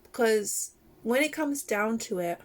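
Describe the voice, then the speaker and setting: A woman vlogger talking casually in a reaction video, emotional and animated, laughing often. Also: on the high side, a little slow.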